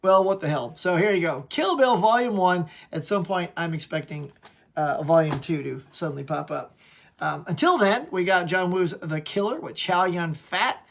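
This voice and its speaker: A man's voice: high-pitched, animated, normal speed, vocal fry, a little hiss or hum. A man hosting his own channel, chatting casually and upbeat as he shows his home movie collection and calls viewers "y'all". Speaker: channel host. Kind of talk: casual collection show-and-tell.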